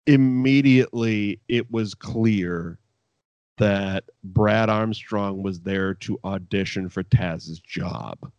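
A man hosting a podcast, telling stories in a rambling, profane, animated way. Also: lowish voice, dry recording. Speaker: podcast host. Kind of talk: casual chat recapping wrestling.

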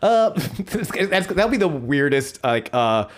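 A man from Buffalo, New York, co-hosting a podcast in casual chat, excitable and jokey, swearing freely. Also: on the high side, slow pace. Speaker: podcast co-host.

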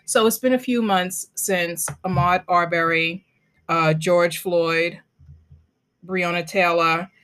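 A woman's voice: lowish voice, fairly even intonation, slow, fairly bright tone, smooth. A woman hosting a podcast, chatting casually and telling stories animatedly with many fillers. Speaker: podcast host. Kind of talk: casual interview chat.

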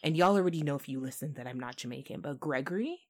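A woman podcast host in casual chat, telling stories in an animated way and laughing often. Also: low voice, fast talker.

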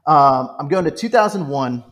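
A man's voice: fairly high pitch, normal speed. Chatty man ranking favorite films. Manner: animated, joking, retells film scenes. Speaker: podcast guest. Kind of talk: casual movie podcast chat.

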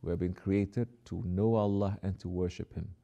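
A man preaching a sermon who exhorts his listeners, drops to soft, quiet asides and then rises to emphatic lines. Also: low-pitched, steady tone, moderate pace, gravelly.

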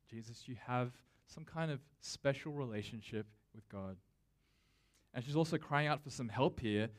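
A pastor with a middling voice talks to his congregation at a moderate pace, preaching in a casual, conversational manner. Instead of formal oratory, his sermon is sprinkled with fillers and restarts.

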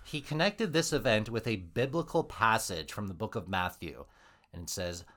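Low-voiced man telling a story with wry jokes. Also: animated, normal speed, fairly bright tone. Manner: wry, joking asides. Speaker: podcast host, storyteller. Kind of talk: casual comedic storytelling.

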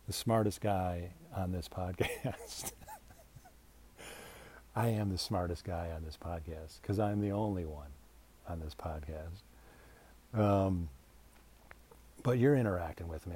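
Male solo podcaster at home: slow, low-ish, mellow, dry sarcastic rambler. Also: a little hiss or hum. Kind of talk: casual rambling podcast monologue.

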